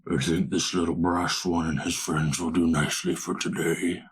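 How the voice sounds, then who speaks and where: A huge, hungry dragon creature, as a man puts it on for a tabletop game, speaking in a gravelly, breathy voice. The tone is deep and menacing, and the words come slow and looming. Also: level tone.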